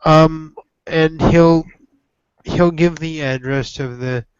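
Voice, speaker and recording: A man narrating his character's actions in a voice-chat role-play game, in a halting way with many restarts, on a dull lo-fi voice chat recording. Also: a little high, steady tone, clean tone. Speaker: player.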